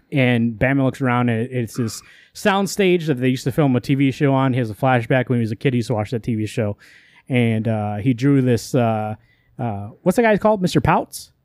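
A man's voice: mid-range voice, a little mellow, no echo, studio quality. A man co-hosting a podcast, retelling a comic story in loose casual chat and swearing offhandedly. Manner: rambling, quotes characters in quick asides, curses casually. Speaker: podcast co-host.

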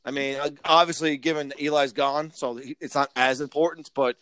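A man's voice: on the high side, steady tone, normal speed, a bit bright, smooth, dry recording. A man in casual chat, ranting with lots of swearing and stammered restarts.

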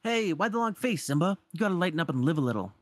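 A brash, talkative meerkat sidekick, done by a man in a higher voice. He ribs his friend with quick, cheeky lines. The sound is dry and close. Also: sing-song, dry recording. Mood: teasing.

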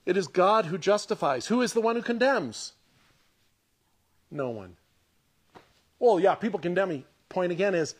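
A man's voice: sits high, lively intonation, moderate pace, long pauses, slightly rough. A man preaching a podcast sermon in a conversational, emphatic way, repeating his points and laughing often. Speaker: pastor.

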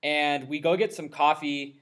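Rambling man hosting a podcast, fairly high voice. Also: unhurried. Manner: loose, rambling, animated storytelling. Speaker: podcast host. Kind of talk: casual podcast conversation.

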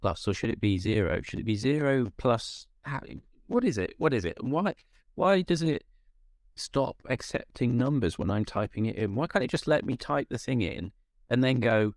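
A man's voice: mid-range voice, animated, normal speed, no room sound, clean studio sound. A man co-hosting a casual podcast, ranting in an exasperated, rambling way. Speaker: podcast co-host. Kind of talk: casual chat.

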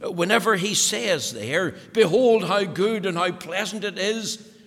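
A man delivers a sermon in a high, gravelly voice. He preaches earnestly, stressing his points and repeating words. His voice rings through a church hall with a long reverb. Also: lively intonation, unhurried, fairly bright tone, faint music behind.

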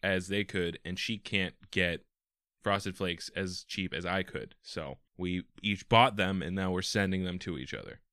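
A man's voice: low voice, measured pace, bright, forceful tone. A man co-hosting a casual podcast, explaining things matter-of-factly and leading the segments. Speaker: podcast co-host.

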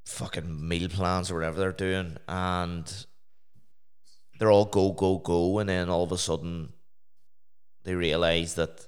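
Very deep, smooth-voiced man chatting. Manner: animated, laughing, filler-heavy. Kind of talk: casual chat.

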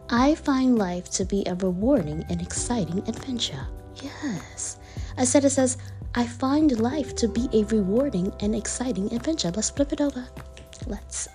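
Woman, playful, slow-paced, whispered asides, soft music behind. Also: on the high side. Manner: playful, drawn-out delivery that drops into whispers. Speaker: affirmation card reader. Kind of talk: casual affirmation vlog with whispered asides.

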